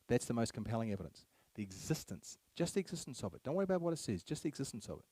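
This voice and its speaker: A man's voice: medium pitch, sing-song, rapid-fire, dark tone, slightly rough, no room sound. A man giving a public speech to a live audience, emphatic, repeating key phrases and firing rhetorical questions at the crowd. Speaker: speaker at a public meeting.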